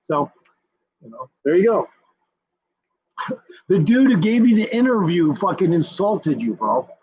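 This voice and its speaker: Male streamer, raised pitch, husky tone, profane repetitive rant, lo-fi dull audio. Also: sing-song, a little slow, darkish tone, a little hiss or hum. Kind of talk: ranting commentary.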